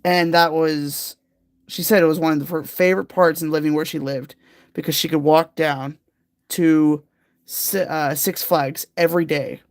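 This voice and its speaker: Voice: medium pitch, steady tone, moderate pace, no echo, clean studio sound. A livestream host chatting casually with viewers while doing a jigsaw puzzle, rambling and giggling.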